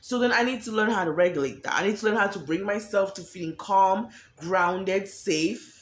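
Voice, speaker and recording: A woman's voice: mid-range voice, normal speed. A woman giving a candid, profane monologue about emotions, acting out quoted voices as she talks. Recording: echoey room.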